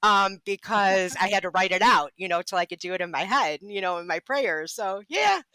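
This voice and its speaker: A woman tells her story on a podcast, candid and unfiltered, laughing often and swearing freely. Her voice is bright and forward. The sound is dry and close, with no room echo. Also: mid-range voice, expressive, moderate pace. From Ohio. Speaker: podcast guest. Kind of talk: casual storytelling.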